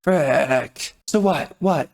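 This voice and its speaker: A man with a noticeably high-pitched voice talks over a trailer as a comedic reactor. He sounds exasperated and indignant throughout, firing off mild swears as he rants. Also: very slow, vocal fry. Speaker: video reactor.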